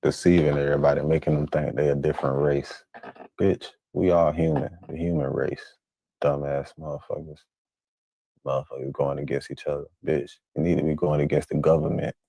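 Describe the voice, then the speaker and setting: A man's voice: rumbling low, little pitch movement, a little fast, gravelly, mellow, no room sound. A man streaming a reaction video, talking bluntly in slang and swearing freely as he comments. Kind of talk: casual profane commentary.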